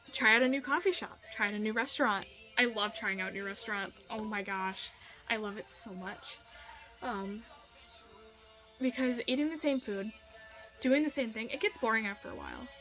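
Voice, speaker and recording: A woman's voice: fairly high pitch, a bit bright, poor audio. A young woman talking casually to her viewers in a motivational vlog, earnest and chatty, repeating her points for emphasis. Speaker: vlogger. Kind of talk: casual motivational talk to camera.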